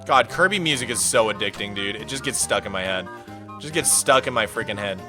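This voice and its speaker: A male streamer chatting casually with his viewers, rambling through stories in an animated way and saying "dude" and "man" a lot. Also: fairly low pitch, a little fast, music in the background.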